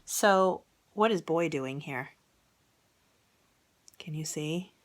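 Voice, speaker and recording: A woman reading a picture book aloud to children, gently, with whispered asides and questions. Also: low voice, drawn-out words. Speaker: storybook reader.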